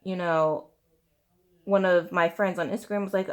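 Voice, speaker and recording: Speaking at a moderate pace with frequent pauses, a lowish-voiced beauty vlogger in her 30s does her makeup and rants casually. Fed up yet chatty, she vents animatedly and leans heavily on fillers such as "you know" and "like."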